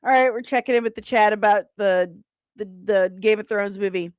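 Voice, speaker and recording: A woman's voice: medium pitch, fairly quick, smooth, no echo, clean studio sound. A young woman hosting a casual live stream, bantering playfully with her chat and laughing in exasperation. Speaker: host of a pop culture live stream.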